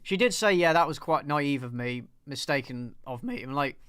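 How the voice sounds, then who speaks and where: Exasperated man ranting, smooth voice. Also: on the high side, expressive, brisk, hardly any pauses, fairly bright tone, no room sound. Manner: exasperated, swears freely, repeats himself while ranting. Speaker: film reviewer and host. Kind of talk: casual live commentary over a played clip.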